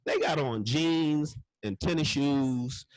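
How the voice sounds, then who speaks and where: A man's voice: fairly high pitch, slow, a little mellow, dry recording, rough recording. A man doing a stand-up comedy set, ranting in a loose, profane way with constant curse words.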